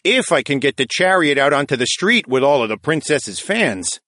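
A man's voice: a little high, big pitch swings, moderate pace, bright, forceful tone, dry recording, studio quality, pitched above the performer's own voice. A man voicing a respectful male town mayor who speaks formally and deferentially. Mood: eager.

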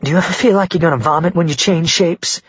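A man voicing a young male shapeshifter, fierce but tender, in his own husky voice. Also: a little high, quick pace, no room sound, dull audio, voice pushed up. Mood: gentle. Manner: snarling in anger, soft when comforting.

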